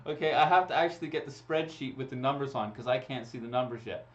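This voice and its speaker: A man's voice: medium pitch, quick pace. A man hosting a live raffle draw, chatting casually and laughing as he runs the draws into a computer mic. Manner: chatty and laughing, talking through each draw. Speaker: raffle host. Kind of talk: casual livestream chat. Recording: dull lo-fi stream audio.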